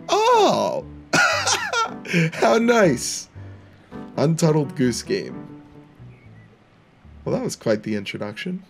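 Playful gravelly young man gaming. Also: on the high side, huge pitch swings, very slow, long pauses, a bit bright, soft background music. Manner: playful, laughs a lot, mock-taunts game characters. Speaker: gaming channel host. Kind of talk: let's play commentary.

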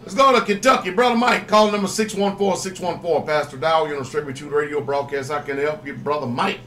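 A man's voice: a little high, a little fast, sharp tone, recorded from a distance, a little hiss or hum. A man hosting a call-in radio ministry as pastor, speaking with a fervent preacher's cadence.

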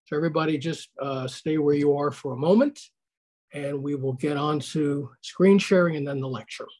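A man's voice: on the high side, moderate pace, darkish tone. An older man giving a conversational online history lecture over a video call, putting questions to his audience.

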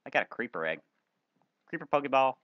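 A man playing a video game and commentating, excitable, playful, often yelping and exclaiming. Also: medium pitch, quick pace, lo-fi sound, a little hiss or hum. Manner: silly, playful banter at other players. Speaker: gaming video host.

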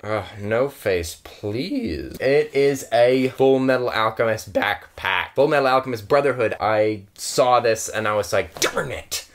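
A man hosting a casual unboxing vlog, gushing and giggling over each item and easily moved, in a chatty, excitable way. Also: medium pitch. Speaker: YouTuber.

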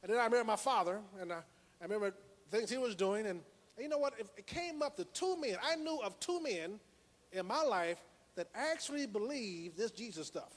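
A man's voice: high-pitched, expressive, brisk, big-room sound. A man giving a motivational lecture to an audience, telling a personal story with dramatic repetition. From United States. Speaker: motivational speaker.

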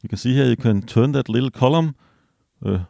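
A man casually reviewing a small gadget as he unboxes it, relaxed and hesitant, with fillers and self-corrections. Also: mid-range voice, fairly quick, creaky, dry recording, clean studio sound. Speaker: product reviewer.

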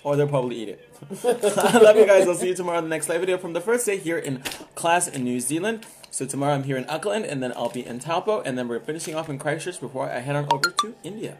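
A woman's voice: deep voice, lively intonation, fast talker, darkish tone, slight background noise. A woman hosts a casual live video and talks straight to her viewers. She giggles a lot and overplays her disgust in a friendly, informal way. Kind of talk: casual taste-test chat.

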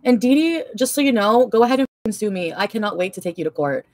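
A woman's voice: a little high, animated, quick pace, darkish tone, no room sound. A young woman livestreaming an angry, profane, rambling rant full of fillers.

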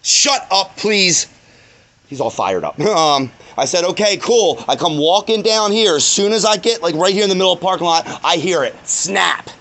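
A man's voice: sits high, expressive, a little fast, hardly any pauses, fairly bright tone. A shaken, angry man swears a lot as he recounts a dog attack outdoors in a parking lot, filming himself on a phone. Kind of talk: agitated first-person retelling.

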